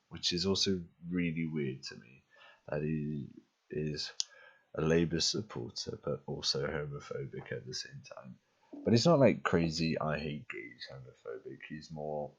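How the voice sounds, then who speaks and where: A man's voice: extremely low pitch, breathy edge, lo-fi sound. A young male talk show host chatting casually, rambling and frank, swearing freely. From immigrant to Britain. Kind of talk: casual chat.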